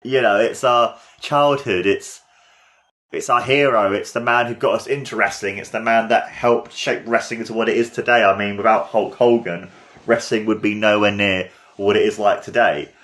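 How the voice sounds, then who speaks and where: Gushing young man with a lowish voice. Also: normal speed. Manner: excited, gushing and rambling. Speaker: podcast host. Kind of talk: casual watchalong commentary.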